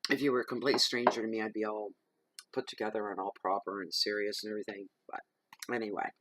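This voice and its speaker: A man with a lowish voice chats to camera at home while laying out tarot cards. His talk rambles loosely, and he drops into hushed, murmured invocations. The sound comes through the camera's own mic. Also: little pitch movement, fast, noisy background. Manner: chatty and rambling, drifting into soft murmured invocations. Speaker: tarot reader. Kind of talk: casual chat to camera during a tarot reading. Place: at home in the evening. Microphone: camera microphone.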